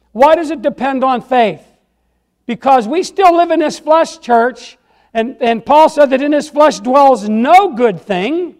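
A man preaching a sermon in church, folksy and emphatic, repeating phrases and asking the congregation "Amen?". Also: very high-pitched. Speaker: lay preacher.

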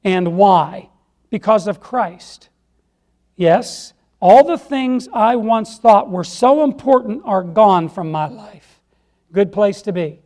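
A man's voice: sits high, expressive, slow, a little mellow. A man preaching a sermon in church, folksy and emphatic, repeating phrases and asking the congregation "Amen?". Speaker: lay preacher.

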